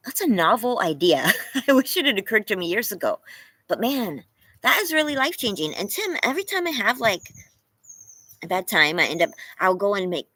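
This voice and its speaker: A young woman from California chatting casually on a livestream from her home, animated and laughing often as she thanks viewers by name. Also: mid-range voice, no echo, low-quality recording. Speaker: livestream host.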